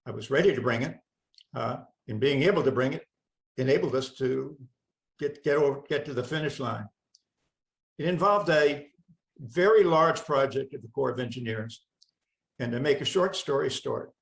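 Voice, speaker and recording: A man's voice: mid-range voice, gravelly, low-quality recording. An older man giving a wry, anecdotal storytelling talk as a guest speaker on a video call. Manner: wry, anecdotal, with lively asides. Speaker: guest speaker, environmental lawyer.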